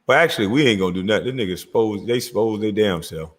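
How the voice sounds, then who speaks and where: On his commentary channel, a man with a lowish voice rants about clips, talking fast and animated. He mocks, swears and bursts into loud laughter as he reacts.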